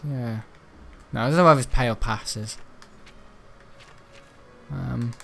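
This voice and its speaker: A man's voice: medium pitch, slow, gravelly, a bit bright, faint music behind. A man giving rambling, self-mocking commentary while playing a video game, often muttering to himself. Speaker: gaming video creator. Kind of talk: gameplay commentary.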